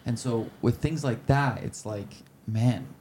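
A man in his twenties, a podcast guest, telling heartfelt stories in an earnest, halting way. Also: mid-range voice, warm tone, slight background noise. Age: 20s. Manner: halting, searching for words. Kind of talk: casual interview chat.

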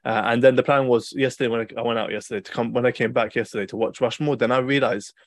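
A man's voice: mid-range voice, fast talker, no echo. Rambling young man, dry sound. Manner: rambling, animated storytelling with many fillers and restarts. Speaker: podcast host. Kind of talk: casual chat.

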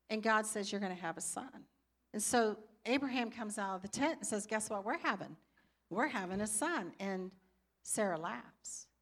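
A woman's voice: mid-range voice, a bit bright. Older woman telling a personal church story. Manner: personal storytelling, acts out her own reactions. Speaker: pastor's wife teaching. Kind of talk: church teaching talk.

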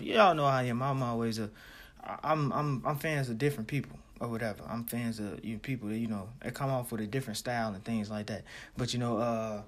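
A man's voice: mid-range voice, a bit bright. A man hosting a music show, chatting loosely with many fillers and repeats. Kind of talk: casual chat.

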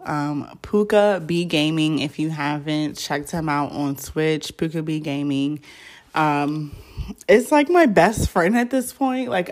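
A young woman hosting her own podcast, chatting casually and rambling with lots of fillers. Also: lowish voice. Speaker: podcast host. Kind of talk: casual solo podcast chat.

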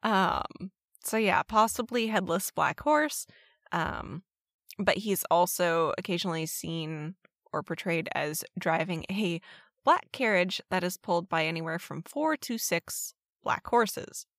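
A woman co-hosting a casual podcast, telling folklore stories in a relaxed, chatty way. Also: lowish voice, measured pace, no room sound, clean studio sound. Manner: storytelling about folklore, light laughs. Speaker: co-host.

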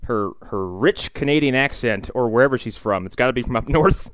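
A man's voice: mid-range voice, expressive, fairly quick, dry recording, studio quality. A man casually discussing a movie on a podcast, wry and digressive, often restarting his sentences. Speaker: podcast co-host.

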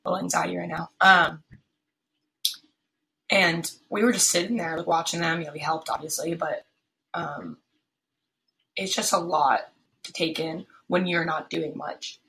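A woman's voice: lowish voice, fairly even intonation, a little slow, creaky, pauses often, pushed and bright, poor audio. A young woman in her twenties hosting a casual solo podcast, talking in a rambling, tired way, full of fillers and restarts, from her apartment. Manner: tired, yawning. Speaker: podcast host. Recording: faint background noise, pen clicks.

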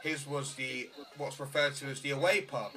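A man's voice: mid-range voice, fairly even intonation, normal speed. A man guesting on a podcast, chatting casually with plenty of swearing. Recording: bright voice far from the mic, faint music.

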